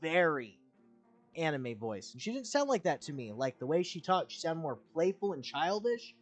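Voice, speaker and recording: A man's voice: a little high, very animated, brisk, faint music behind. A young man streaming a game, talking in casual commentary, rambling and candid, with frequent fillers and the odd curse.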